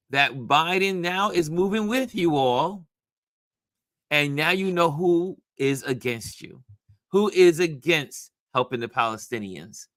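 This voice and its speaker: A man from New York hosting a casual talk show, telling a story in an animated way with many restarts. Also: a little high, slow, no echo, clean studio sound. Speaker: host.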